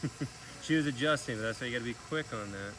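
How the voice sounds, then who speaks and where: A man hosting a casual outdoor vlog at an animal sanctuary, chatty and relaxed as he explains what he is doing. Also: medium pitch, fast, noisy background. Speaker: sanctuary keeper and vlog host.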